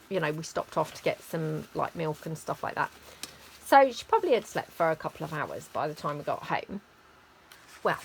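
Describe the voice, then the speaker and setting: A woman's voice: lowish voice, gravelly, fairly bright tone, slight background noise, low-quality recording. A woman chatting casually while she crafts, rambling and full of fillers. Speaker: craft vlogger.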